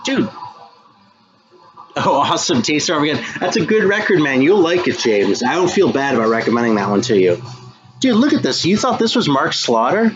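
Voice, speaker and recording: A man's voice: a little high, sing-song, brisk, highs cut off, music in the background. An American man hosting a live stream, chatting loosely about records and answering viewers, swearing freely and calling people dude and man. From United States. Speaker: live stream host showing metal records. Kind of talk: casual chat reading viewer comments.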